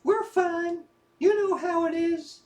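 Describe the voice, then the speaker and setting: A woman plays a blunt, teasing friend in an audio drama, someone who hides a soft side. Her voice is very high, and she delivers her jabs plainly, with no fuss. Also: steady tone, slow.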